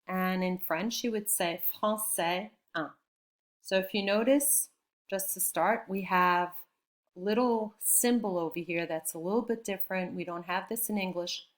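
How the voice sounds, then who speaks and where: Woman teacher going slow n patient w the class, keeps checking in, mid voice. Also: medium pitch. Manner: patient, explains step by step with check-ins. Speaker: French teacher. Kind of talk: classroom lesson.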